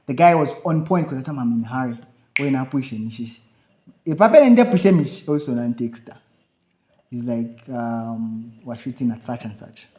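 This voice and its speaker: A man telling a rambling, animated story on a podcast, swearing freely and acting out the lines of the people in it. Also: fairly high pitch. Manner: animated, swearing, acts out quoted dialogue. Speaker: podcast co-host. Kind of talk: casual storytelling chat.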